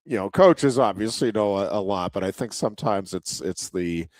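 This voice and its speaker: Male co-host, lowish voice, halting casual talk, dry mic. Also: lively intonation, a little mellow, dry recording. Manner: halting, many restarts and fillers, chuckles mid-sentence. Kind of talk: casual chat.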